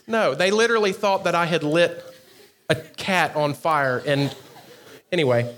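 During a youth sermon, a high-voiced pastor tells a story with lots of animation and frequent laughter. He keeps breaking off for quick asides to the students.

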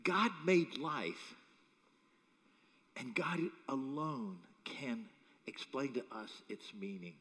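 A man's voice: mid-range voice, slow pace, long pauses. A man preaching a sermon as pastor, telling humorous stories with chuckles. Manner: animated, humorous storytelling with chuckles. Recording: echoey hall.

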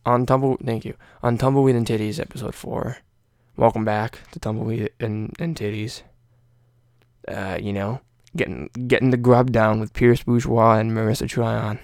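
A man's voice: lowish voice, steady tone, normal speed, a little mellow, dry recording, studio quality. A young man hosting a casual podcast, rambling and swearing with lots of fillers. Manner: rambling, profane, many fillers. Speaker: podcast host.

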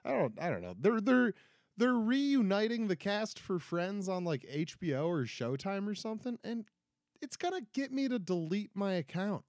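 A man in his twenties rants casually into a close podcast mic, rambling and poking fun at himself. His fairly high voice swings widely in pitch. The sound is dry, with no room echo. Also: big pitch swings, moderate pace, a little mellow. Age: 20s. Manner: rambling, self-deprecating, frequent restarts and "right?". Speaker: podcast host. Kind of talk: casual solo podcast rant.

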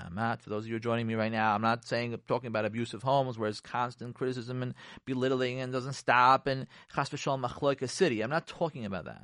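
Animated man hosting a radio advice show. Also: medium pitch, no room sound, clean studio sound. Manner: animated, acts out mocking quoted voices; repetitive, emphatic. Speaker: radio talk show host. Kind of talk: radio advice talk on marriage.

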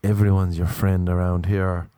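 A man voicing an excitable young male rapper and cab driver who is starstruck and asks eager, wide-eyed questions. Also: low-pitched, normal speed, dry recording, clean studio sound, natural voice.

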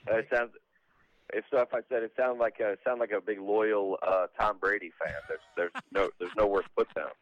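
A man's voice: on the low side, fairly even intonation, normal speed, no echo, highs cut off. A man from Georgia, a comedian guest, chatting loosely in an interview over a remote line. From Georgia, USA. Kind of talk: casual phone-in interview.

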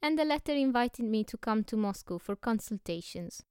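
A woman reading the lines of a mysterious foreign male professor, grave and courteous in an unhurried way. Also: mid-range voice, expressive, clean tone, dry recording, studio quality, natural voice. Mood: composed.

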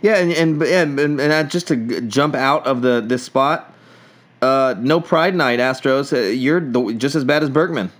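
A man's voice: medium pitch, moderate pace, a bit bright. A man co-hosting a casual sports podcast, rambling and joking with many restarts. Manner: rambling, jokey, frequent restarts. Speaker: podcast co-host.

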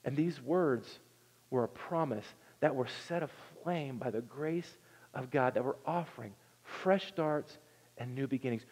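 A man preaching a sermon, telling the story with earnest energy and swinging from loud to hushed. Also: fairly high pitch. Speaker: pastor. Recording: long reverb in a large hall.

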